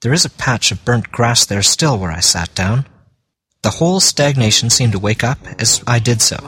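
A man reading a classic story aloud as an audiobook narrator, in a measured storytelling manner. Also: mid-range voice, lively intonation, fairly bright tone. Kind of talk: scripted narration.

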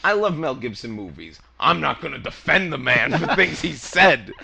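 A man's voice: fairly high pitch, big pitch swings, normal speed, vocal fry, sharp tone, breathy edge. A man co-hosting a comedy podcast, ranting in a fired-up, profane way. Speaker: podcast co-host.

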